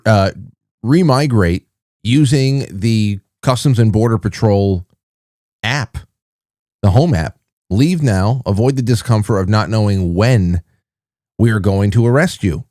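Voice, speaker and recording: A man's voice: lowish voice, mellow, no echo, clean studio sound. A man hosting his own show, rambling through stories and news in a wry, casual way. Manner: rambling, wry, restarts mid-sentence. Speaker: podcast host. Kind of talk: casual solo commentary.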